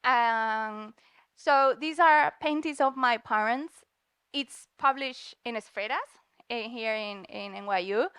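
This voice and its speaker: Speaking slowly in a smooth, fairly bright voice that's a little high, a cheerful comic artist from Spain addresses a university event as a guest speaker. The setting is a New York lecture room, where she laughs a lot and slips in words. The sound is dry and studio quality.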